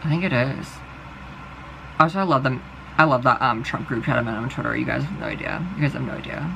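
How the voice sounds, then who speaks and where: A young man rants straight to his viewers in a casual vlog, rambling and swearing with exasperation. His voice is gravelly and sharp-edged, and he talks at a rapid clip. A faint hum of noise sits behind him. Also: medium pitch, poor audio. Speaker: vlogger. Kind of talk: casual ranting monologue.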